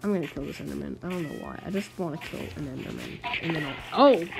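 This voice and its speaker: This woman speaks low-pitched and fast, in a creaky, sing-song voice with few pauses, over background noise. She hosts a gaming channel and offers chatty, exasperated running commentary, appealing directly to the mobs on screen.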